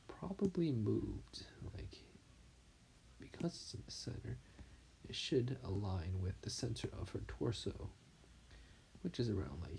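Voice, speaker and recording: Brief: tired man, low creaky voice, lively pitch, soft mumbled drawing commentary. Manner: soft, mumbling, half-whispered. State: tired, something in his throat. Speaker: artist streaming his drawing. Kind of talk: casual commentary while drawing.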